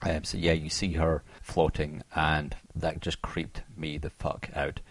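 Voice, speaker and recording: Man, very low voice, dry close sound, casual podcast chat, animated retelling, swears a lot. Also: unhurried, no room sound. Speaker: podcast co-host. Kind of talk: casual horror film discussion.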